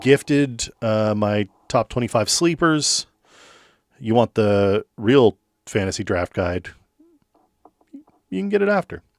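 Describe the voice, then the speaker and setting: A man's voice: fairly low pitch, very animated, takes it slowly, pauses often, no room sound, clean studio sound. A man co-hosting a sports show, chatting casually and jokingly with lots of fillers. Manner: loose, joking, filler-heavy.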